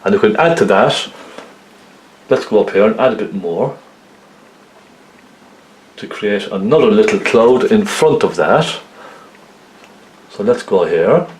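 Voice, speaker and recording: A man's voice: fairly low pitch, animated, unhurried, long pauses. A man giving a chatty, step-by-step oil painting lesson, often checking in with tag questions. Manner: chatty, lots of tag questions like okay and isn't it. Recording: roomy echo.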